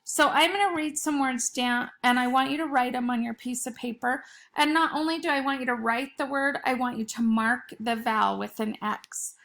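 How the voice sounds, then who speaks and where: A woman's voice: sits high, normal speed, gravelly, fairly bright tone. A woman teacher giving a spelling lesson to young students, sounding out words patiently.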